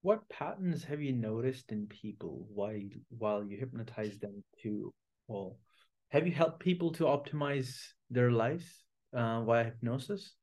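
Guy hosting a podcast, laid back, asks his questions slowly and thinks them through. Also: mid-range voice, animated, darkish tone. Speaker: podcast host. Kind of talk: casual podcast interview.

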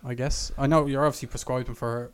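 A man's voice: medium pitch, fairly even intonation, clear, resonant tone. A young man hosts a casual podcast in a mid-range voice. He is chatty and joking, leading the conversation with easy questions. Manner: chatty, quick to joke, leads the questions. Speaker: podcast host. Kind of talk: casual chat.

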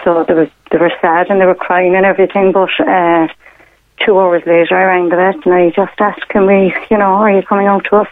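A middle-aged woman calls a radio show over a tinny phone line and shares a personal story, hesitating and rambling with many fillers and quoted exchanges. Her voice is lowish, brisk and flat, and there's no echo.

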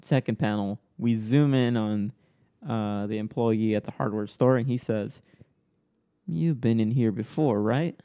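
A man with a mellow, relaxed voice hosts a casual podcast. He walks through comic panels one by one and reads out the lines of dialogue in between. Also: on the low side, unhurried, clean tone. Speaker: podcast host reading comics. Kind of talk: casual chat.

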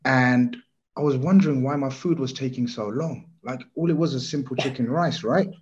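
A man chatting as a podcast guest, telling stories in an animated, rambling way. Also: medium pitch, moderate pace, highs cut off. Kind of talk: casual football chat.

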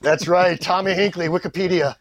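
High-voiced middle-aged actor telling stories. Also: male voice, fairly quick, no room sound. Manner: animated, self-deprecating, acts out quotes. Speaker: guest actor. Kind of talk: anecdotal storytelling.

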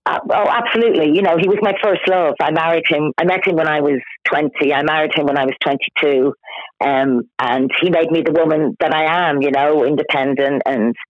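Woman, podcast guest, phone call, tinny narrow sound, emotional, halting, frank. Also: sits low, steady tone, no echo. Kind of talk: candid personal conversation. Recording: tinny dry phone line.

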